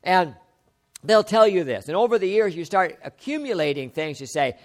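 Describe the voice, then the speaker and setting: Middle-aged guy preaching a sermon, kinda high voice, leans hard on key lines. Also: big pitch swings. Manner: emphatic, slows and rises on key phrases. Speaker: pastor.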